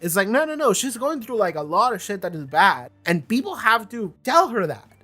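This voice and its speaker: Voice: medium pitch, big pitch swings, normal speed, pushed and bright. A young adult host talking through a TV season in a rambling, casual review, repeating words and filling with "like".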